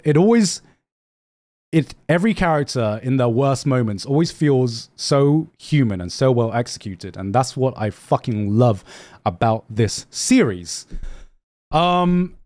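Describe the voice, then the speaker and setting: A young man streaming a casual anime rant, excitable and repetitive, swearing often. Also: medium pitch. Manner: excitable, swears a lot, repeats himself. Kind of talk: animated casual ranting.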